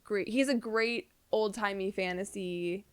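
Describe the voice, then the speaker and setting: Young woman podcast co-host, rambly casual chat, dry close sound, mid pitch. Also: steady tone, a little slow, smooth, no room sound. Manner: chatty, rambling with many fillers and restarts.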